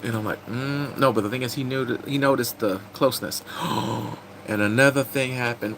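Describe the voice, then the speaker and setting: A man casually recapping TV episodes, excitable and rambling, breaking into sudden high squeals. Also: measured pace, a little hiss or hum, rough recording. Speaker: TV recap host.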